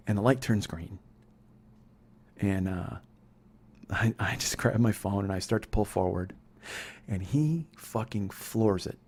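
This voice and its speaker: A man's voice: fairly low pitch, a little mellow. A man in his forties hosting a comedy podcast, telling a personal story in an intense, profane, rambling monologue. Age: 40s.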